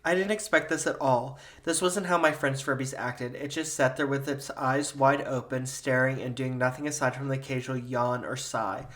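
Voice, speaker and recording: A man's voice: mid-range voice, normal speed, hardly any pauses. Man reading a spooky story aloud. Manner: steady storytelling narration. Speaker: podcast host.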